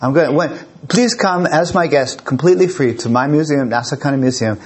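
A man's voice: on the high side, a little fast, husky. A man giving a live lecture and taking audience questions, rambling and repeating his words, openly emotional. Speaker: lecturer and museum director.

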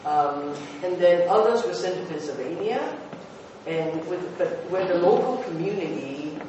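A high-pitched man, formerly a TV news producer, relates anecdotes to a crowd with animated energy, often restarting and using fillers. The echoey hall leaves his voice sounding far away amid noise.

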